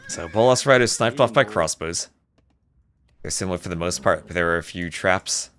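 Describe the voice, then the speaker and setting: A man casting a live strategy game, mixing chatty storytelling asides with excited play-by-play calls. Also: deep voice, moderate pace, a little hiss or hum. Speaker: esports caster. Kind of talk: live game commentary with casual chat.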